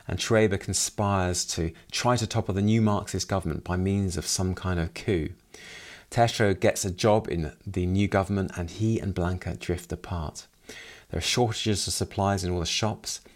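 A man's voice: low voice, moderate pace. A man hosting a solo book review podcast, summarizing the plot with wry asides.

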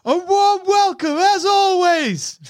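A man voicing a young male soldier who yells over gunfire in a tabletop war game. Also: very high-pitched, slow pace, voice pushed up. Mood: wry. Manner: shouting, urgent.

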